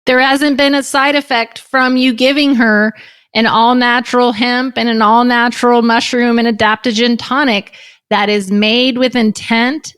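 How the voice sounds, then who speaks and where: A woman's voice: a little high, fairly bright tone, clean tone. A woman hosting a podcast interview, making her points emphatically and passionately, often in long lists. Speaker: podcast host.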